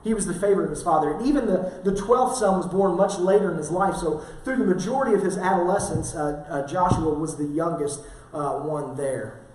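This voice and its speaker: High-voiced pastor in echoey hall. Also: male voice, a little fast, darkish tone. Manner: casual storytelling with frequent fillers. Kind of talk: sermon. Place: church sanctuary. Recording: very echoey church hall from far off.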